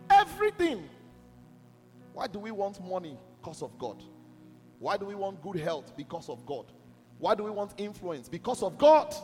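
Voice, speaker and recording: A man's voice: fairly high pitch, a little mellow. A man preaching a sermon to a church, emphatic and repeatedly asking whether his listeners are listening. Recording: music under a long hall reverb.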